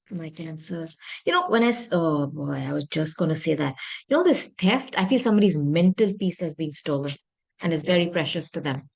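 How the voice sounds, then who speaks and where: Earnest tarot reader woman, low voice. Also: big pitch swings, a little fast, creaky. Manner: earnest, apologetic, often thinks aloud. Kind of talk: tarot reading monologue.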